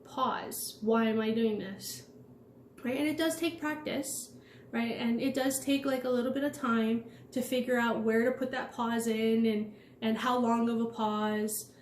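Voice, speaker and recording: A woman hosting her channel, talking casually, with frequent "right?" checks and quick acted-out asides of her own thoughts. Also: fairly high pitch, steady tone. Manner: chatty, repeats "right?" and "like". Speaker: channel host. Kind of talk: casual talk to camera. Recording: roomy, with faint background noise.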